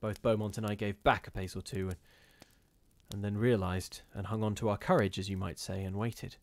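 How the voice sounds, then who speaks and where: A man reading a gothic ghost story aloud in a measured, steady storytelling manner with occasional brief restarts. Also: on the low side. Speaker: reader of ghost stories.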